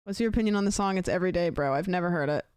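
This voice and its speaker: A woman's voice: fairly low pitch, racing, darkish tone, smooth, no room sound, clean studio sound. A young woman streaming, telling a long story in casual chat and acting out both sides of a phone call. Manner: rambling storyteller, acts out both sides of a conversation.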